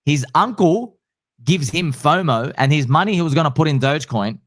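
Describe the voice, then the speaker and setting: A male host chatting casually, excitable and slangy, acting out what others say. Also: on the high side, moderate pace, no echo, studio quality. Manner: excitable, slangy, acts out quotes. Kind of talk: casual chat.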